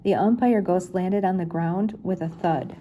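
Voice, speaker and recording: A woman's voice: on the low side, unhurried, mellow, slight background noise. Older woman reading a children's story. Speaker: reader. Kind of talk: reading aloud a children's chapter book.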